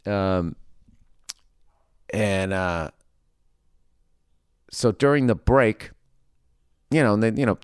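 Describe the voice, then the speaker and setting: Boston comedian in his fifties, low smooth voice, dry close mic, animated profane storytelling. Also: no room sound. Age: 50s. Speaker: comedian podcast host. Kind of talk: storytelling monologue.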